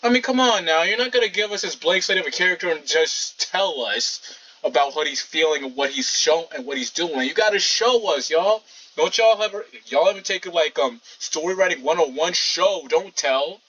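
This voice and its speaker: A man's voice: fairly high pitch, moderate pace, a bit bright, breathy edge, distant mic. A man casually commentating a video game playthrough, rambling and talking back to the game. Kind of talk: casual let's-play commentary. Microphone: poor microphone, fan in background. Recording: dull lo-fi mic, faint fan hum.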